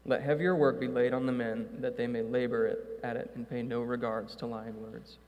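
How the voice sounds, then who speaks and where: A man's voice: medium pitch, level tone, moderate pace, phone-quality sound. A male pastor preaching a sermon in a church, reading scripture and then explaining it casually with fillers. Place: church sanctuary. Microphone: stage microphone with echo. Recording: hall reverb in church.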